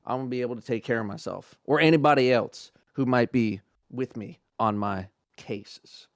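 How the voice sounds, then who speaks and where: A man's voice: mid-range voice, moderate pace, dry recording, studio quality. A man improvising as a job applicant in a comedic party game, rambling and stammering through restarts. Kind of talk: improvised comedic role-play.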